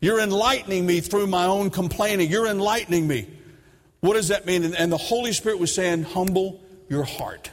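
A man's voice: high-pitched, a little fast. A middle-aged man preaching a sermon, telling a story and acting out his own side of the dialogue with emphasis. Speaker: pastor. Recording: long reverb of a large hall.

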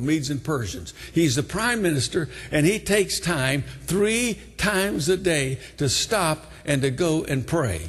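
An older man preaching a sermon, retelling a story with dramatic swings from hushed tones to shouting. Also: a little high, breathy edge. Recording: long hall reverb.

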